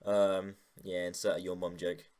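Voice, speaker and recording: A man's voice: low-pitched, level tone, moderate pace, a little mellow. A young man making a casual vlog, rambling and joking with lots of swearing. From United Kingdom. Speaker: YouTuber.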